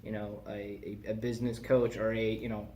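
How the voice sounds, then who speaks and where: A man hosting a casual podcast chat, animated and rambling, laughing at his own jokes. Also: on the low side, fairly quick, a little hiss or hum. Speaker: podcast host.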